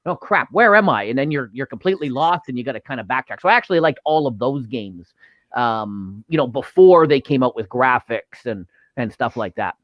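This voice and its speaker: A man's voice: medium pitch, lively intonation, brisk, no room sound. A man chatting casually and enthusiastically, full of restarts and fillers. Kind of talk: casual chat. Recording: dull dry online audio.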